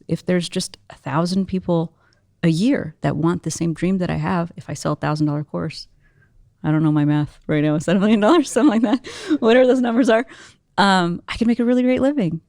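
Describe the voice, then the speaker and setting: A woman's voice: fairly low pitch, gravelly, darkish tone, dry recording, clean studio sound. A young woman talking as an entrepreneur guest in a casual interview, telling her story earnestly and with animation, full of little fillers.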